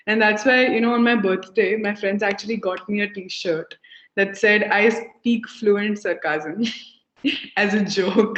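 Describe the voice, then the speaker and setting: A woman's voice: medium pitch, a bit bright. A young woman tutoring over a video call, chatty and laughing often as she explains things with examples. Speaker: English tutor. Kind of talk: conversation practice lesson. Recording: echoey room, dull lo-fi call audio.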